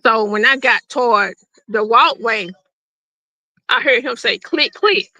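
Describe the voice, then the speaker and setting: A middle-aged woman recounts her own story in a gravelly, fry-laced voice that sits a little high for a woman. Her tone is bright and forceful, and she speaks plainly, slipping into the voices of the people she quotes. The recording is dry and close. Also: a little slow, dry recording, low-quality recording. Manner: plain-spoken, acts out quoted dialogue. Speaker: guest telling her survival story. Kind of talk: unscripted personal storytelling.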